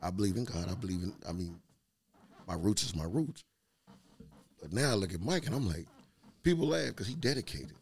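A man in casual chat, telling lively stories, acting out the quotes and laughing often. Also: deep voice, fairly quick, long pauses. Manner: animated storyteller, acts out quotes, laughs often. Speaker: podcast guest telling stories.

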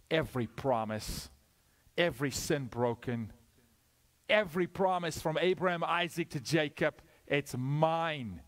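A male guest preacher, giving a sermon that swings from loud, high peaks to hushed, low asides. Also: unhurried.

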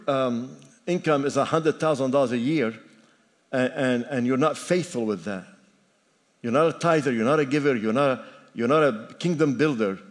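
A man in his sixties, a pastor preaching a sermon in an emphatic, repetitive style with joking asides. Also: mid-range voice. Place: church sanctuary. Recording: long reverb of a church hall.

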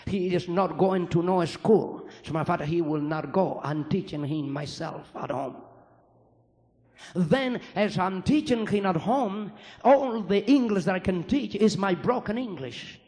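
A man with a fairly high voice gives a spoken testimony to an audience. He talks in halting English, learned as an adult, and circles back to repeat his phrases with earnest weight. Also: animated, darkish tone. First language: Spanish. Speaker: former priest giving testimony.

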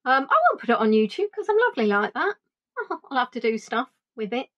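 Chatty middle-aged woman tour guide, high-ish voice, playful storyteller who mimics others. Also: fairly quick, highs cut off. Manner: animated, playful, acts out quotes in funny voices. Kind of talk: chatty reminiscing monologue.

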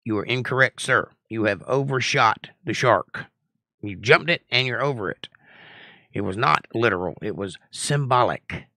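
A man's voice: mid-range voice, lively intonation, moderate pace, sharp tone, dry recording. A middle-aged man hosting a live-stream Bible study, reading viewer comments aloud and answering them in a blunt, assertive, lecturing way. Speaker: Bible study teacher and host.

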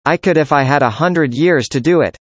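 Speaker reading practice dialogues, mid pitch. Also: fairly quick, no echo, muffled recording. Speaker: dialogue reader. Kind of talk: scripted conversation practice.

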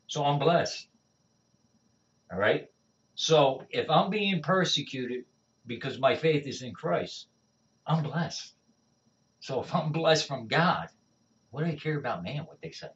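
A man speaking as an evangelist, telling stories of his faith in an animated, conversational way and often checking in with "all right?". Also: mid-range voice, a little slow, long pauses. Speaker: evangelist guest. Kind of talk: conversational testimony. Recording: dull distant lo-fi sound.

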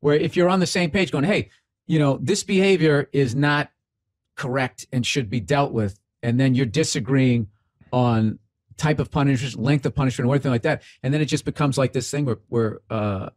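A man's voice: medium pitch, moderate pace, no room sound, clean studio sound. A middle-aged man with a Boston accent, hosting a comedy podcast in a blunt, profane, rambling rant.

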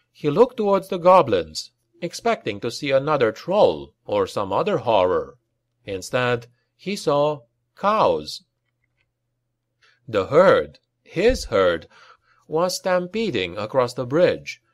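Male narrator for grim fantasy audiobook, lively dramatic delivery, dead-dry booth sound. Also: no room sound. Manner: dramatic reading, raising pitch for shouted lines. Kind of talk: scripted narration.

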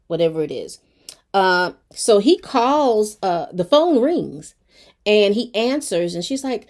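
A woman's voice: mid-range voice, a little slow. A woman with a mid-range voice recaps a TV episode for her viewers. She tells it in a loose, colloquial way, full of asides and fillers, as if chatting with friends. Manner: chatty, expressive storytelling with lots of fillers; colloquial, talks straight to viewers. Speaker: TV show reviewer.

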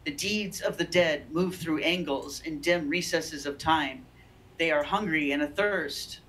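A woman's voice: low-pitched, measured pace, fairly bright tone, low-quality recording. A woman reading aloud the lines of a frantic, haunted man who is terrified of unseen horrors, voiced close to her own natural voice.

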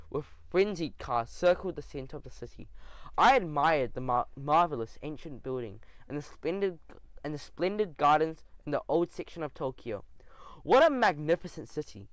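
A man reading an audiobook in an animated, expressive way. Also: fairly high pitch, no echo. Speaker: audiobook narrator. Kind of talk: scripted audiobook narration. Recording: dull dry audio.

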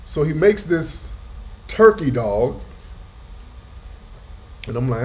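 A man chatting casually on a live show, spinning a story with lots of profanity and slang. His pitch leaps up for emphasis, then drops low and quiet for asides. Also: sing-song, takes it slowly. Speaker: host. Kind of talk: casual livestream chat.

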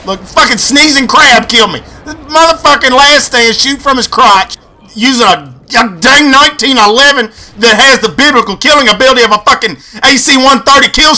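A young man giving crude, excitable gameplay commentary, swinging between yelling and muttering. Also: very high-pitched, moderate pace.

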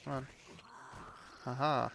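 Gravelly man ranting over gameplay. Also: mid-range voice, fairly even intonation, slow pace, a bit bright, slight background noise. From United States. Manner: frustrated ranting, heavy swearing. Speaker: gameplay commentator. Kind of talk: casual gameplay commentary.

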